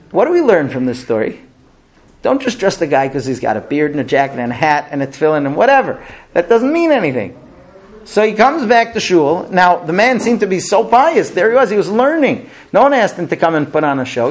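A man teaching a religious class, telling a long story in an animated way. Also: high voice.

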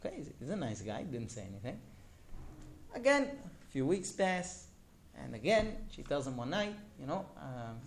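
A male teacher walks his class through a story in a lively, animated way. His voice sits fairly high and rises and falls widely. He often turns to the students with direct questions. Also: moderate pace, slight background noise.

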